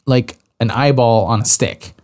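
A man talks through a video game in a loose, easygoing way, dropping "like" into his sentences often. His voice sits at an average pitch for a man. He thinks aloud and trails off as he goes. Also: unhurried, a little mellow. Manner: loose, conversational, frequent "like". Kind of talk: casual game discussion.

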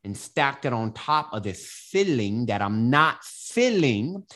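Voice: medium pitch, sing-song, slow, hardly any pauses, fairly bright tone. A self-help coach giving candid casual advice, explaining through a personal story with frequent restarts. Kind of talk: casual advice monologue to camera.

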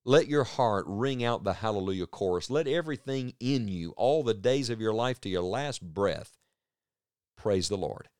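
A man's voice: lowish voice, expressive, moderate pace, a little mellow, clear, resonant tone, no echo, studio quality. A man preaching a sermon earnestly, his voice rising and falling for emphasis. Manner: earnest, rises and drops for emphasis.

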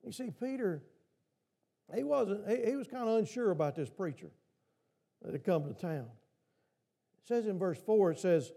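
High-voiced pastor with a mellow tone. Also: male voice, animated, moderate pace, vocal fry, pauses often. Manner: asks the congregation repeated questions. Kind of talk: sermon. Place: church.

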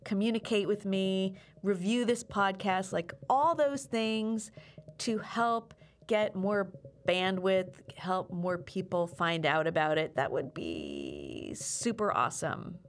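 A woman's voice: medium pitch, fairly even intonation, slow. A woman hosting a podcast, encouraging and upbeat, who leads listeners through affirmations. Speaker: podcast host and self-defense teacher.

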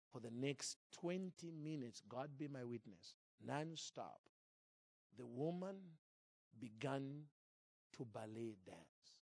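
A man preaching a sermon into a microphone in church, telling a story in a lively, acted-out way. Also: medium pitch, breathy edge, no room sound, clean studio sound. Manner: animated, acts out scenes and jokes with the crowd. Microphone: handheld or stand mic.

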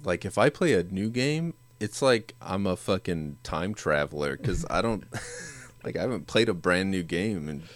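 Male podcast co-host, very low voice, relaxed and profane, casual movie talk. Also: unhurried, hardly any pauses. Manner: laid-back, swears freely, laughs often. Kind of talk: casual chat about movies.

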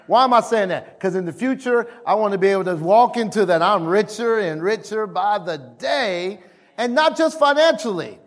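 A male pastor preaching a sermon in an emphatic way. He repeats key lines and calls out to the congregation for responses. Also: moderate pace. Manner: animated, swings between loud calls and low asides.

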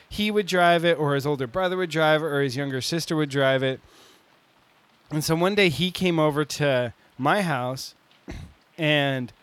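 Bright-voiced man telling a story. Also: a little high, no echo. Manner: animated, laughs often, many "like" fillers. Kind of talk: casual storytelling.

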